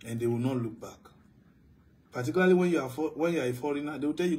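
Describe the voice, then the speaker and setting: A man preaching with real force, his voice pitched a little higher than most men's. He builds to loud, emphatic declarations and then drops to low, quiet asides, as a pastor working through a sermon. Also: racing, a little hiss or hum.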